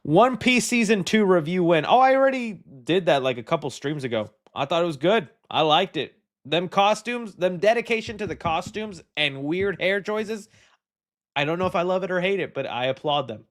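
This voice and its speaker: A man hosting a live stream reads out chat questions and riffs on them. His voice sits a little high, and he rambles loosely, cracking jokes and slipping into silly voices. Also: moderate pace. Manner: rambling, animated, jokey, puts on silly voices.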